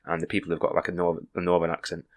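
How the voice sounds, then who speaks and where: A man's voice: low voice, completely flat delivery, rapid-fire. A man, co-hosting a casual podcast chat in a chatty, teasing way. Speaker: podcast co-host.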